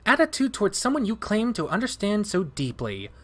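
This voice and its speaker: A sharp-tongued young she-wolf, clipped and condescending, pitched well above the performer's own voice, as a man puts her on. She sounds cutting and impatient in a visual novel read-through. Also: huge pitch swings, a little fast, full character voice.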